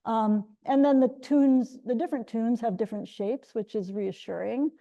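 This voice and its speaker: A woman's voice: on the high side, normal speed, vocal fry, warm tone, muffled recording. A middle-aged woman giving an academic linguistics talk, explaining step by step with frequent restarts. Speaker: linguistics lecturer.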